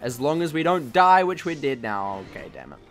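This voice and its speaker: A man's voice: fairly high pitch, big pitch swings, brisk, faint music behind. Man joking through gameplay commentary. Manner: jokey, self-mocking, exclaims at the game. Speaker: gaming channel host.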